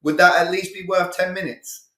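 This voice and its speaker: A man's voice: high voice, fairly even intonation, normal speed, sharp tone, roomy sound. A male communication coach giving a live online sales training, talking energetically and with emphasis, acting out sales dialogues.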